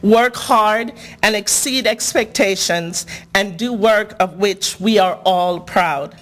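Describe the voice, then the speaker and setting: A woman's voice: mid-range voice, slow, a bit bright. A woman accepting an award at a gala, giving a composed and gracious formal thank-you speech. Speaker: award honoree. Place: large hotel ballroom gala.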